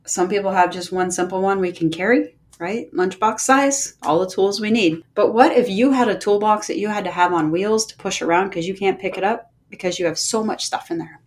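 A middle-aged woman hosting a podcast, speaking slowly and gently with heartfelt encouragement and many pauses. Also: medium pitch. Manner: gentle, slow and unhurried with pauses. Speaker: podcast host and movement coach. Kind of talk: reflective podcast monologue.

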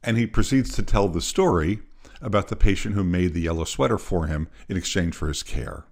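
A man hosting a podcast, telling a story in an animated way and acting out the voices. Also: deep voice, a little fast. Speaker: podcast host.

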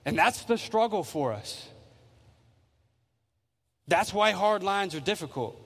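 A man's voice: high-pitched, expressive, slow, pauses often, fairly bright tone, big-room sound. A male pastor preaching a sermon in a church, earnest and emphatic, repeating phrases as he builds. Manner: earnest, repetitive, emphatic with restarts. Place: church sanctuary.

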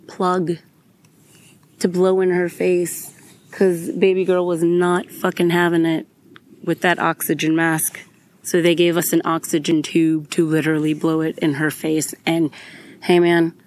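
Podcast host, young adult woman, candid and emotional, swears a lot, unhurried delivery. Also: fairly low pitch. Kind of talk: personal storytelling monologue.

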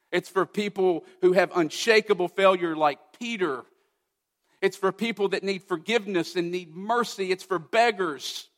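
A man preaching a sermon, emphatic, asking rhetorical questions and swinging from loud to hushed. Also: on the high side, long reverb tail. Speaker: pastor.

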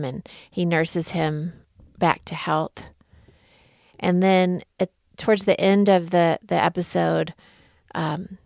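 A middle-aged woman hosting a podcast, telling a story and reflecting in a gentle, unhurried way. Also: on the low side, no echo, clean studio sound. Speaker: podcast host. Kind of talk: reflective spoken talk.

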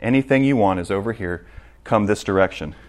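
A man voicing a door of selfish desire, speaking low and hushed to lure the listener. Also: fairly quick, natural voice. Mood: luring.

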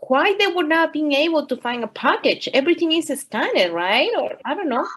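A woman's voice: high voice, sing-song, normal speed, a bit bright. A woman co-hosting a casual chat, reacting with short interjections and questions.

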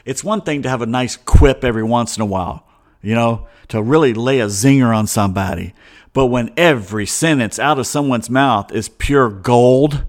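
A middle-aged man hosting a show, chatting in a loose, opinionated monologue full of digressions and chuckling asides. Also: medium pitch. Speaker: host. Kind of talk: casual rambling monologue.

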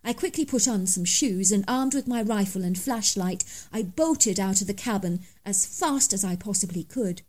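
A woman's voice: medium pitch, expressive, normal speed, hardly any pauses, darkish tone. A woman reading a first-person story aloud as scripted narration, in a dramatic, emphatic manner.

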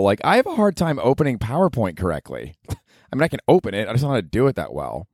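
A man's voice: mid-range voice, sing-song, fast, darkish tone, no echo, clean studio sound. A man in his forties hosting his own podcast, rambling through a casual comedic monologue, swearing freely and making fun of himself. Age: 40s. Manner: rambling, profane, self-mocking. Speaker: podcast host. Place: small studio apartment.

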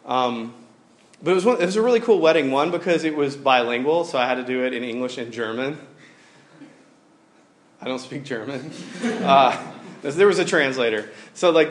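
Guy in his 30s preaching, super casual and rambly, lots of um and like. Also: mid-range voice. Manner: casual, rambling storytelling with many fillers. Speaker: pastor. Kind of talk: sermon with personal story.

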